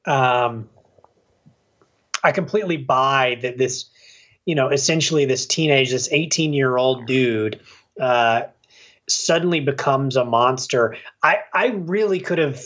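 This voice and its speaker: A man co-hosting a podcast, chatting casually about a film and acting out scenes in quick put-on voices. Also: mid-range voice, dull audio. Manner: animated, acts out scenes with quick voice changes. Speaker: podcast co-host. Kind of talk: casual movie review chat.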